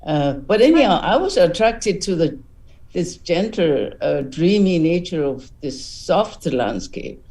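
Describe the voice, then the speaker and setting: Low mellow woman juror talking thru a painting, slow and hesitant, a bit far from the mic. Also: big pitch swings. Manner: thoughtful, hesitant, with fillers. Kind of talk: spoken art critique.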